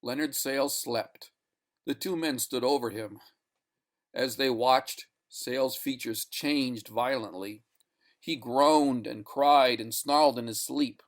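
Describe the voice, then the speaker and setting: A man reading a short story aloud in a deliberate, expressive narration. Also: medium pitch. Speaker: reader. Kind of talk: audiobook narration.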